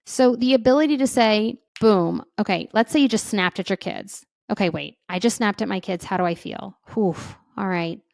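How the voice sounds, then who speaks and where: A woman giving parenting advice in a relaxed, conversational way, with a gravelly, fry-tinged voice. She keeps checking in with her listeners and acts out feelings as she explains them. The sound is dry and close, with no room echo. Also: medium pitch, normal speed, few pauses. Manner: conversational, often checks in with "right?". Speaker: parenting educator. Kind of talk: casual advice talk.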